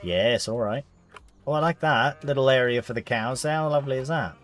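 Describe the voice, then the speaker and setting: With soft music behind him, a man streams himself playing a farming game and chats casually with viewers, reading chat aloud in British slang. His voice is medium-pitched and moderately paced.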